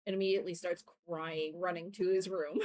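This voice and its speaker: A woman's voice: lowish voice, fairly quick. Chatty woman streaming live. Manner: chatty, laughing, animated retelling. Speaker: livestreaming artist. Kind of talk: casual chat while working.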